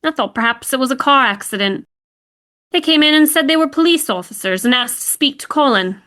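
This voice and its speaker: A woman's voice: high-pitched, lively intonation, fairly quick, bright, forceful tone, pitched above the performer's own voice. A woman voicing a shocked, angry young British wife who presses with urgent questions. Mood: bewildered.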